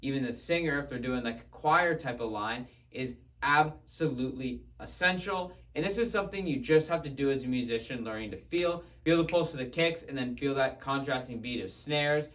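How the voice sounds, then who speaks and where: A man teaching guitar, talking through techniques in an energetic, conversational way. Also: medium pitch, moderate pace, few pauses, poor audio. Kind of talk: instructional video narration.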